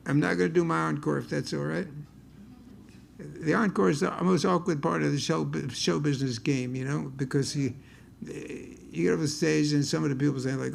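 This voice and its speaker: Gravelly older bluesman rambling onstage. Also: a little high, fairly even intonation, a little fast, a little hiss or hum. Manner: wry, rambling, with stammered restarts. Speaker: blues guitarist and singer. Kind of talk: storytelling stage banter between songs. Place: concert stage.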